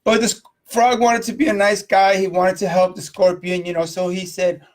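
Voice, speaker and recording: A man's voice: sits high, level tone, normal speed, few pauses. A man hosting a live video stream, giving a casual motivational talk, rambling and asking his viewers questions. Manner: rambling, repeats himself, asks viewers questions.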